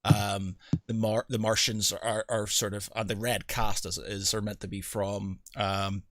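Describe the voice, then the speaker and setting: A man's voice: fairly low pitch, flat delivery, unhurried, no room sound, clean studio sound. A man hosting a casual podcast chat, rambling with many fillers, restarts and lost names. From United Kingdom. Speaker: podcast host.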